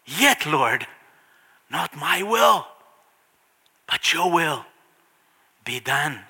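A preacher acting out Jesus praying in anguish, pleading to be spared and then yielding in a hushed voice, in a reverberant hall. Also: male voice, a little high, big pitch swings, extremely slow, gravelly, breathy edge, pitched below the performer's own voice, heavily acted. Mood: anguished prayer. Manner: pleading prayer, falling hushed at the end.

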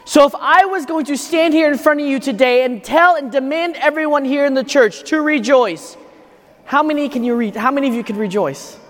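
A man's voice: very high voice, brisk, a bit bright. A priest speaks from the front of a church, his homily loose and conversational as he tells a personal story. Each sentence trails off into a long, echoing reverb from the hall around him. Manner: conversational storytelling, thinking aloud. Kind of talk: homily at Mass.

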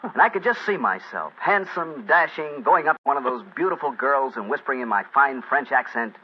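A man as show announcer, jovial and salesy, bantering and delivering a sponsor pitch. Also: animated, a little fast, slightly rough. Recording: dull lo-fi 1940s radio recording.

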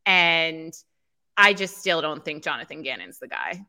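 A woman on a sports podcast giving lively, rambling opinions on a team's defense. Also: sits low, a little slow. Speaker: podcast host and guest. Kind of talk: casual sports talk.

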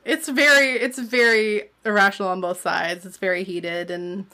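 A woman's voice: mid-range voice, steady tone, moderate pace, sharp tone. A woman co-hosting a casual book discussion, chatty and fond of the word "like". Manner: chatty, with frequent "like" and laughs. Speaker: podcast co-host.

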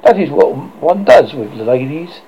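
A man's voice: a little high, big pitch swings, moderate pace, dark tone. A man reading an audiobook who voices a fretful, gloomy boy among the lost boys. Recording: muffled with faint hiss.

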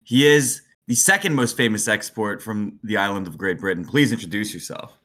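A man's voice: on the low side, lively intonation, moderate pace, sharp tone. Easygoing man with a Philadelphia accent. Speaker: podcast co-host. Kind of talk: casual podcast chat.

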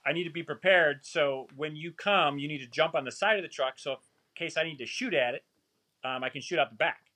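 A man voicing a male professional hunting guide in a rough put-on South African accent, giving low, steady, urgent instructions. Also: a little fast. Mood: commanding.

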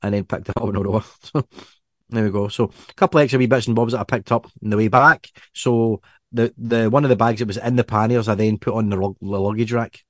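Scottish man, podcast co-host, rambling casual chat, lowish pitch, dry close sound. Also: fairly even intonation, fast, no echo. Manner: rambling with many restarts and fillers.

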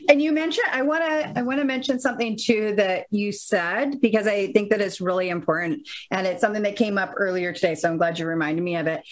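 A woman's voice: mid-range voice, fast talker, few pauses, rough recording. A woman co-host and trainer explaining a point in an encouraging way during a casual chat.

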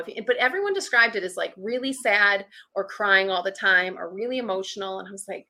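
A woman's voice: mid-range voice, lively intonation, fairly quick, few pauses, sharp tone. A woman on a podcast as a guest, telling a candid personal story in a chatty way, with lots of "like" and acted-out past thoughts. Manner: chatty, heavy use of "like", acts out past thoughts.

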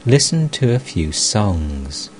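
A man reading the lines of a gentle elderly male holy teacher in an audiobook, in a measured way. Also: fairly low pitch, very animated, a little hiss or hum.

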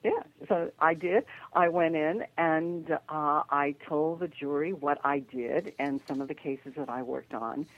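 An older woman, a psychic guest, telling a story in an animated way over the phone. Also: low-pitched, measured pace, hardly any pauses. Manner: lively narration with acted quotes and laughter. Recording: tinny phone line.

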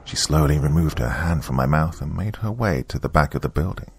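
A man reading a first-person horror story in a measured, hushed storytelling manner. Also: very deep voice, expressive, slight background noise. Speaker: narrator. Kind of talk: scripted horror narration.

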